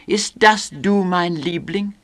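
A man's voice: high-pitched, slow pace, fairly bright tone, pitched above the performer's own voice. A man voicing a flighty young English woman, a cabaret singer who gushes and coos theatrically. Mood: cooing. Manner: gushing, breathy stage coos.

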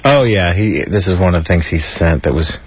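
A man with a low, brisk voice and a breathy edge hosts a community radio show from the studio, reading a list of jokes with animated delivery and chuckling between them. The broadcast sounds dull and lo-fi.

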